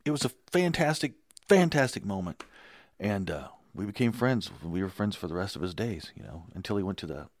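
A man, a filmmaker, chatting casually on a podcast and telling lively anecdotes. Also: lowish voice, brisk, dry recording, studio quality. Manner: enthusiastic storyteller, impersonates people in quotes.

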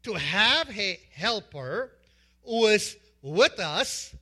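A man's voice: high voice, very animated, extremely slow, sharp tone. A man preaching a sermon as pastor, emphatic, repeating lists of words and asking the congregation questions.

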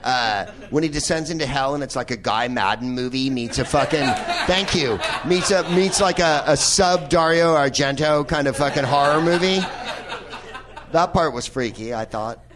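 A man's voice: fairly high pitch, moderate pace, background noise. A man hosting a live podcast in a movie theater, riffing on a film with profane, laughing asides. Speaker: podcast host. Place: old movie theater with audience.

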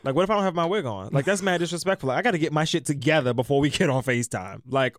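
A man co-hosting a casual podcast, animated and profane, laughing often. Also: fairly high pitch, racing, no echo, clean studio sound. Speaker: podcast co-host.

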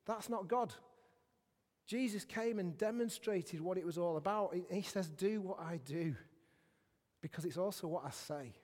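A man's voice: sits high, normal speed, darkish tone. A man preaching a sermon in a church hall, chatty and self-mocking, with many asides to the congregation. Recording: long reverb in a church hall.

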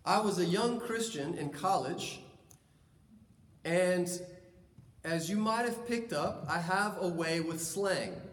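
A man preaching a sermon in a church, lively and conversational, acting out stories. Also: high-pitched, slow, long pauses. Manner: lively, conversational, acts out anecdotes. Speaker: pastor. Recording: echoey hall, distant mic, faint ambience.

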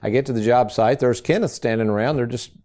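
A man's voice: mid-range voice, fast, mellow. A man, hosting a financial radio show in a casual, folksy storytelling way. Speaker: financial advisor and radio host.

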